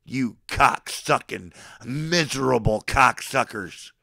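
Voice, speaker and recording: Gravelly man in his forties ranting. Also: medium pitch, slow pace, sharp tone, dry recording, clean studio sound. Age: 40s. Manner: aggressive, profane, boastful threats; swings between threats and affection. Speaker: livestreamer addressing his chat. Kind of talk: mock-sermon rant to a live chat.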